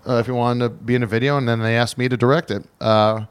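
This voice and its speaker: A man's voice: mid-range voice, fairly even intonation, smooth. A man hosting a podcast, telling rambling anecdotes in casual chat with lots of fillers. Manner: rambling, quick storytelling with fillers. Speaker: podcast host.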